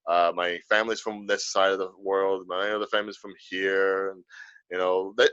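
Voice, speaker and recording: A man co-hosting a casual podcast, telling stories with lots of energy and dipping into playful accents. His voice sits a bit low but comes across bright and forceful. The recording is dry and a little lo-fi. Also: normal speed, smooth, dry recording. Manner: animated storyteller, slips into put-on accents. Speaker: podcast co-host. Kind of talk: casual chat.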